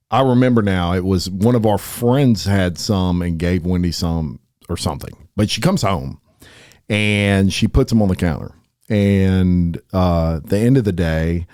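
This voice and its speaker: A man's voice: sits low, dry recording, clean studio sound. A middle-aged man, hosting a podcast and telling folksy stories in a casual interview chat. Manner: folksy storyteller, lively and laughing. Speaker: podcast host.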